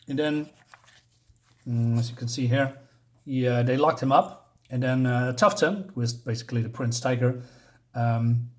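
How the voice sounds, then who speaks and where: Guy flipping thru a comic and talking it over, keeps hunting for words, mid-pitch voice. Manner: halting, searches for words, many fillers. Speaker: comic book reviewer. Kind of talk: casual comic review, paging through an issue.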